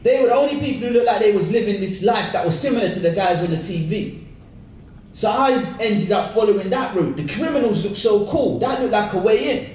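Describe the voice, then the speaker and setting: A man in his thirties from South London with a London accent, telling his life story in a lively, slangy way, recorded from a distance in an echoey hall. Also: high-pitched, a little fast. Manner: lively, slangy, acts out voices with laughter. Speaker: speaker sharing his conversion story. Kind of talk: animated personal storytelling talk.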